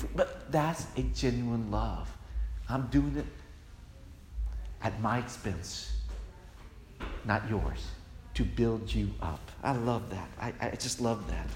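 A man's voice: fairly low pitch, a little slow, pauses often. A male pastor preaching a sermon with emphatic, repeated refrains, recorded in a church hall. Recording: echoey hall with long reverb, faint noise.

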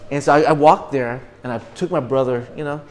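A middle-aged man preaching a sermon to a congregation, earnest, often repeating and restarting words, rising now and then to loud, emphatic bursts. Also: medium pitch, steady tone, a little fast, in a large hall. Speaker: pastor.

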